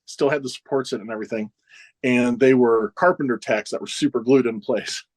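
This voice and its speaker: Chuckling wrestler spinning backstage stories. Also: male voice, mid-range voice, a little fast. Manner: animated anecdotes, chuckling often, acts out others' lines. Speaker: professional wrestler guest. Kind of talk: casual storytelling interview.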